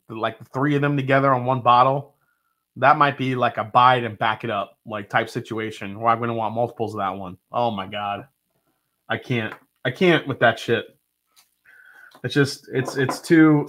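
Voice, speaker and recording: Guy hosting a live whiskey stream, bright voice, chatty, reads comments out and laughs a lot. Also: medium pitch. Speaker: host of a live bourbon stream. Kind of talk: casual live-stream chat.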